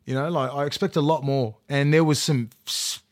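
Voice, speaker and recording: A man's voice: a little high, fairly even intonation, moderate pace. A man, a former rugby league player, ranting heatedly and profanely in casual podcast chat with lots of fillers.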